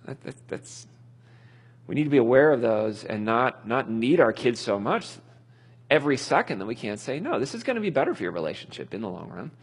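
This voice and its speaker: A man's voice: mid-range voice, big pitch swings, fairly quick, husky. A middle-aged man teaching a parenting class in a casual, anecdotal way, often laughing at his own stories. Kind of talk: conversational Bible-based teaching.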